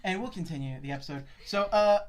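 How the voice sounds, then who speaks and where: A man's voice: sits high, fast, a little mellow, slight background noise. A young man hosting a podcast, chatting casually and telling a story, swearing freely and acting out the voices of people he quotes. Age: young adult. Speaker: podcast host.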